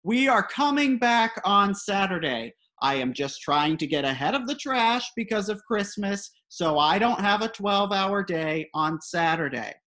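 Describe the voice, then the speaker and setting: A woman voicing a harried garbage man in his thirties who shouts at people to calm down. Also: medium pitch, unhurried, hardly any pauses, pitched above the performer's own voice. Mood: exasperated. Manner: shouting, trying to calm a crowd.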